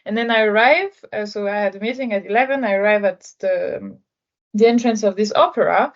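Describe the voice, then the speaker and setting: A woman's voice: medium pitch, a little fast, highs cut off. A woman from France, a guest on a podcast, talking through her work experience in a thoughtful way with frequent hesitations. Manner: thoughtful, many hesitations and fillers. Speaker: podcast guest, sales executive. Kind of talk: conversational interview.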